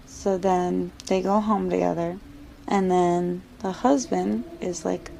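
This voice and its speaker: A woman's voice: on the low side, fairly even intonation, a little slow, vocal fry, dark tone, slight background noise, poor audio. A woman casually telling a scary story aloud, with a loose, filler-heavy way of talking.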